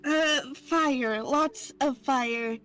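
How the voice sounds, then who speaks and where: A woman playing a tabletop game, speaking hesitantly and softly. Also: high-pitched, drawn-out words, soft background music, poor audio. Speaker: player. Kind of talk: casual tabletop play.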